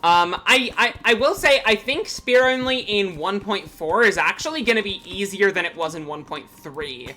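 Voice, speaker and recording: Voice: mid-range voice, animated, moderate pace, hardly any pauses, sharp tone, soft background music. A streamer giving live gameplay commentary, chatty and rambling with frequent ums.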